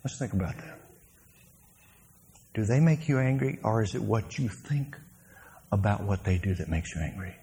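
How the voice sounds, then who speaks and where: Animated former football player preaching. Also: male voice, lowish voice, normal speed, vocal fry, long pauses, a little hiss or hum. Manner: storytelling, animated, laughs, shouts punchlines. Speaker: guest speaker, former pro football player. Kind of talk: testimony sermon to a congregation.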